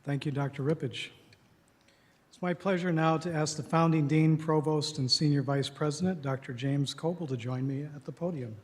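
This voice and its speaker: A man's voice: a little high, fairly even intonation, normal speed, a little mellow, slightly rough. A man presenting at a graduation ceremony, making formal announcements from a podium. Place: large ceremony hall. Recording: long hall reverb with faint noise.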